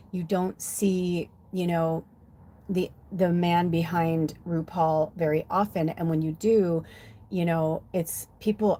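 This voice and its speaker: An American woman in her fifties with a lowish voice and a dark tone hosts a livestream as a spiritual medium and oracle card reader. She tells stories in a chatty, heartfelt, rambling way.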